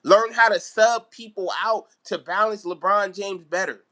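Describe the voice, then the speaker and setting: Guy ranting on his live stream, aave, high voice, bright and sharp, keeps repeating himself. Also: unhurried. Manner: animated, repetitive ranting. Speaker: basketball vlogger. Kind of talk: live-stream sports rant.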